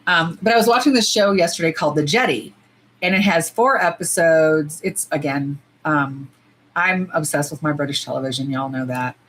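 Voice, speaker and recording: A woman's voice: low-pitched, moderate pace, fairly bright tone, a little hiss or hum, low-quality recording. A woman from the US, chatting casually and animatedly on a nail-swatching livestream, cursing freely and saying y'all. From United States.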